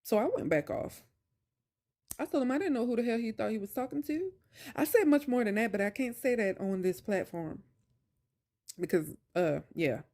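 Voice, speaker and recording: A woman's voice: fairly high pitch, lively intonation, normal speed, pauses often, a little mellow. A young woman vlogger telling a personal story in a casual, emphatic, colloquial way, with exasperated asides.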